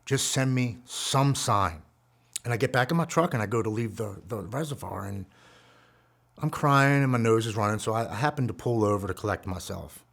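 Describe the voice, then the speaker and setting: A man's voice: on the low side, animated, fairly quick, gravelly, fairly bright tone. A man in his forties telling a raw, heartfelt story of his own recovery. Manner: earnest, raw and heartfelt, reliving painful memories. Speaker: guest speaker sharing a recovery story. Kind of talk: personal storytelling.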